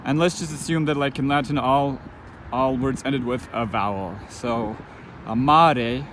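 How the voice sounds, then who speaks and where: A man giving an informal spoken lesson, thinking aloud as he goes, with halting restarts and frequent fillers. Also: medium pitch, steady tone, a little hiss or hum, rough recording. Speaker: language teacher.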